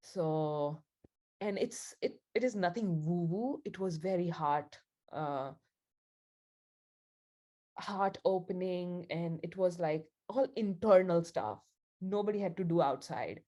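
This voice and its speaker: A woman's voice: on the low side, lively intonation, takes it slowly, warm tone. A woman leading a spiritual group session, telling a story in a chatty, casual way with frequent laughs. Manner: chatty, laughs often, many fillers like "like".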